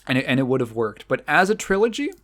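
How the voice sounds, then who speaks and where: A man's voice: mid-range voice, big pitch swings, fast talker, a bit bright. A man co-hosting a podcast, rambling through a casual film discussion with lots of restarts and the odd swear word. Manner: rambling, many restarts and fillers. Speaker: podcast co-host.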